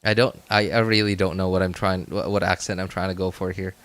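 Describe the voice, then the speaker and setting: A man's voice: deep voice, level tone, fairly quick, a bit bright. A man streaming a video game, chatting casually and rambling, with frequent self-corrections and laughs. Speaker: gaming streamer. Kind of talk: casual gameplay commentary.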